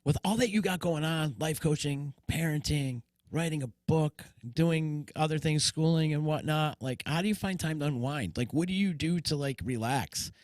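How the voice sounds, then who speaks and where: A man's voice: a little high, moderate pace, few pauses, a little mellow, no room sound. A man hosting a podcast, easygoing and affirming, asking loose, rambling questions. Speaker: podcast host. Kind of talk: casual interview.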